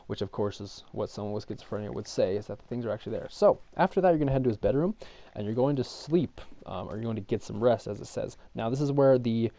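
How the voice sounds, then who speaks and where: A man's voice: mid-range voice, fast talker, warm tone. A man giving a casual gameplay walkthrough. He explains each step in a rambling way, full of ums, and raises his voice at times to talk over the game's music. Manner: rambling, filler-heavy explanation with frequent ums. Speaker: game walkthrough guide. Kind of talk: casual gameplay tutorial commentary.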